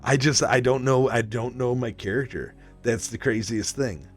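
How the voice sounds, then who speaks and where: A man chatting casually with his live stream audience. He rambles excitably, swears constantly and breaks into laughter between stories. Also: medium pitch, moderate pace, faint music behind. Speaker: livestreamer.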